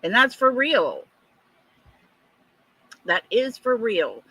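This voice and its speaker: A breathless woman with a drawl chats unhurriedly on her livestream, greeting each viewer by name. Her voice is bright and clear, with a dry, close sound. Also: on the high side, very animated, drawn-out words, no room sound, rough recording. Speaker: livestream host. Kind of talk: casual livestream chat.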